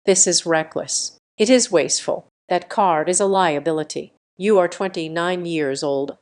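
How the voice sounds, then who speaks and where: A stern middle-aged father, cold and lecturing, read by a woman in a slightly lowered, even storytelling voice. He talks down to his grown daughter with clipped authority. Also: normal speed, lightly acted.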